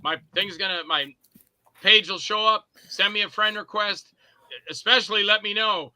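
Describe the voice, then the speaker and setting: A man talks casually on a podcast, winding through anecdotes and playing every part himself. His voice sits high and sounds sharp and bright. The sound is dry and close, with no room around it. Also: steady tone, normal speed, no echo. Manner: rambling storyteller who acts out both sides of conversations. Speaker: podcast guest, indie filmmaker and actor. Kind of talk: casual chat.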